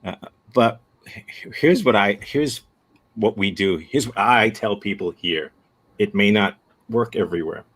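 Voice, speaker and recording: An American man teaching an improv workshop over a video call, answering a student's question in a thoughtful, frank way with many halting restarts. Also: fairly low pitch, a bit bright. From United States.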